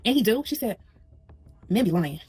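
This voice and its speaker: A woman's voice: mid-range voice, animated, moderate pace, mellow, breathy edge. A woman in her thirties, a mother, telling a story about her daughter in a sassy tone and acting out what each person said. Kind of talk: animated storytelling monologue.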